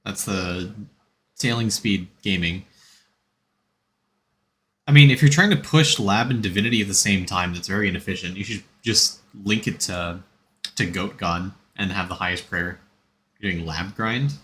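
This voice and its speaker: A man's voice: low-pitched, moderate pace, pauses often, a bit bright, slight background noise. A man streaming a game, chatting casually and rambling as he answers chat and gives game tips.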